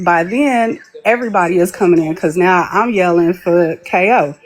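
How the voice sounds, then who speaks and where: Chatty woman telling a story, low voice. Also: moderate pace. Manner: chatty, laughs while telling, acts out quoted people. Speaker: guest on a live stream. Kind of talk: casual storytelling.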